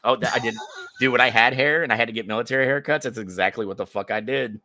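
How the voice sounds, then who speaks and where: A man's voice: medium pitch, fast talker, bright, forceful tone, dry recording. A man co-hosting a podcast, telling a rambling, profane story in casual chat on a close mic. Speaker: podcast co-host.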